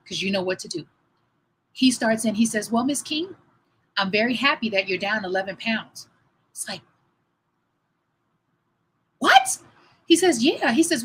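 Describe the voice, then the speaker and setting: Animated, bright-voiced woman telling a story. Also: a little high, a little hiss or hum, rough recording. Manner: animated, chatty, addresses viewers as y'all. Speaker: fitness trainer and livestream host. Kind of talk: casual livestream storytelling.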